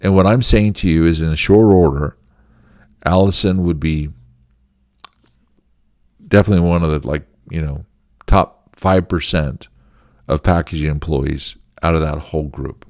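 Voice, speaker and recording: A man's voice: extremely low pitch, moderate pace, pauses often, darkish tone, dry recording, studio quality. A middle-aged man hosting a management teaching channel, telling a workplace story in an earnest, emphatic way with short laughs. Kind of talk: storytelling lesson talk.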